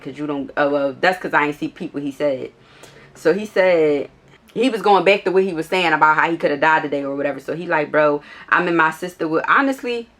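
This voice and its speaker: A woman's voice: low-pitched, fairly bright tone. A woman vlogger telling a casual storytime in a blunt, profane and sassy way.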